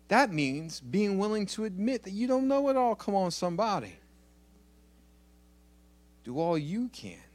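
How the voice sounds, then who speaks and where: A pastor preaching a sermon in church, joking with the congregation and repeating key phrases for emphasis. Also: male voice, mid-range voice, no echo.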